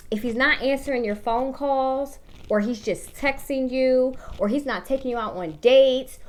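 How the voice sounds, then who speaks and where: A woman in her thirties gives casual dating advice directly to the viewer, blunt and swearing freely. Her voice sits high and she speaks unhurriedly.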